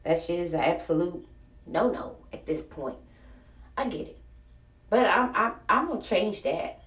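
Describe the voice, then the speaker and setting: A woman who makes online content, in a blunt, profane, animated monologue to her viewers. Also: lowish voice, a little slow, far from the mic. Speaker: content creator. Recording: roomy sound, somewhat off-mic.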